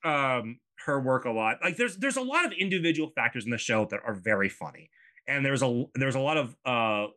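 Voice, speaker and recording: A man's voice: mid-range voice, lively intonation, a little fast, pushed and bright. Rambling male podcast co-host. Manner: rambling with many fillers and asides. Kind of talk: casual chat.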